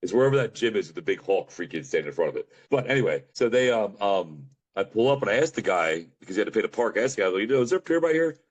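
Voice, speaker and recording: Fast-talking deep-voiced middle-aged man. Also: animated, husky. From Pennsylvania. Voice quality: deep voice often remarked on. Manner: rambling, fast, says bro and dude. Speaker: podcast guest. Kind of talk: casual storytelling.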